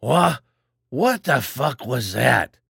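A man voicing an angry, foul-mouthed older man who yells and swears in a storybook reading. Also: medium pitch, very animated, slow pace, vocal fry, husky, dry recording, studio quality, heavily acted. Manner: yelling, swearing, demanding.

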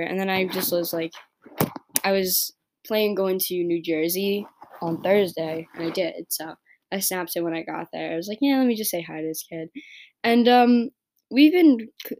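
A teenage girl from New York talking through her breakup on her own podcast, rambling and filling every pause with "like" and "right?". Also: lowish voice, a little mellow. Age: teens. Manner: rambling, heavy use of "like" and "right?". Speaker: podcast host. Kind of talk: casual personal podcast monologue.

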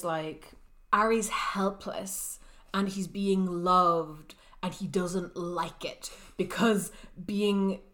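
A woman's voice: medium pitch, a bit bright. Chatty woman retelling a story. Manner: chatty retelling with quoted character lines and frequent "like". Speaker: podcast co-host summarizing a book. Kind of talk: casual book discussion.

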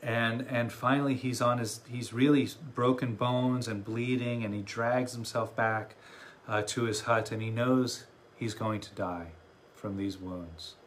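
Meditation teacher guy telling a buddhist story, slow and thoughtful, lots of pauses, average pitch, faint hum. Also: fairly even intonation. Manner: reflective storytelling with many pauses. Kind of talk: dharma talk.

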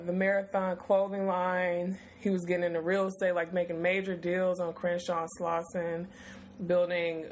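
A woman's voice: mid-range voice, a little hiss or hum. A woman hosting a podcast in loose, affectionate, rambling chat with plenty of fillers. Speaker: podcast host.

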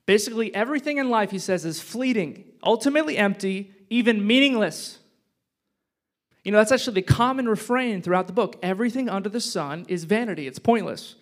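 A man preaching a casual, conversational sermon, joking one moment and dropping to a hushed, reflective tone the next. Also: high-pitched, animated, a little fast. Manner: conversational and joking, swinging between loud punchy lines and hushed reflective ones. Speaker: pastor.

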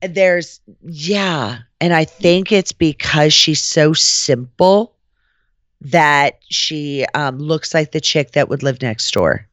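Deep-voiced and slow-paced, this woman hosts a podcast and tells a story over casual chat. She's animated and foul-mouthed, taking on the voices of the people she quotes, and the recording is dry.

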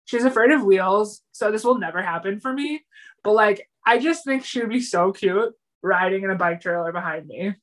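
A woman co-hosting a podcast, retelling a TV episode in an animated, chatty way and slipping into the characters' lines. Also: mid-range voice, normal speed. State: yawning, a little tired. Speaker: podcast co-host. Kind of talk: casual chat recapping a TV episode.

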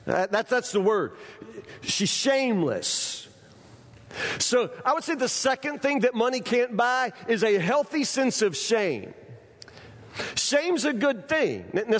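A pastor delivers a sermon in a folksy, conversational manner, circling back on phrases. His voice sits high for a man. The sound carries the long reverb of a large hall. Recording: echoey hall.

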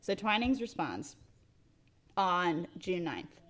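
A woman co-hosting a podcast in casual chat, animated and giggly, reading messages aloud with playful emphasis. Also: lowish voice, takes it slowly. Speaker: podcast co-host.

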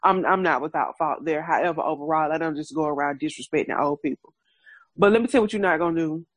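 Frank, animated woman with a lilt. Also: deep voice, fast, dry recording. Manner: frank, animated, laughs often, swears freely. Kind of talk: casual chat.

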